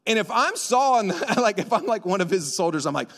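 A man preaching a sermon to a church congregation, animated and joking, acting out dialogue in slang. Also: high-pitched, a little fast, hardly any pauses. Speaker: pastor. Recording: long hall reverb.

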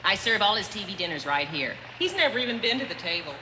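A chatty, doting mother, played by an actress, speaking quickly with a lively lilt. The film audio echoes with a long reverb and carries hiss. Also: medium pitch, close to an everyday voice. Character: doting mother serving TV dinners. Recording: old film clip played over hall speakers.

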